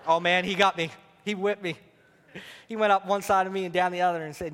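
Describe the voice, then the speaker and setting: Pastor, male, thirties, high voice; lively sermon with soft asides, in a reverberant hall. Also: fast talker. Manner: animated storytelling, drops to soft intimate tone for quoted prayers. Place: church hall. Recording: long reverb of a large hall.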